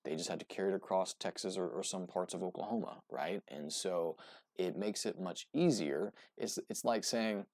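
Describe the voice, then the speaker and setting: Man, very low pitch, gravelly, rambling casual commentary, dry close sound. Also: normal speed, a little mellow, no room sound. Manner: rambling, filler-heavy, keeps asking "right?". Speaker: host.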